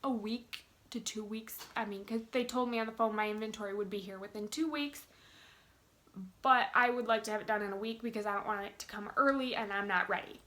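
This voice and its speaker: Bubbly, bright-voiced young woman. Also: mid-range voice, steady tone, brisk. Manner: bubbly, gushing, many fillers. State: giddy with excitement. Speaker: vlogger. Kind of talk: casual chat to camera.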